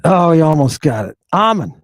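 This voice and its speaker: Guy hosting a livestream, jokey and excitable, kinda high voice, dry sound. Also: a little slow, no echo. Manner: excitable, jokey, frequent exclamations. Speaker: host. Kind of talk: livestream commentary.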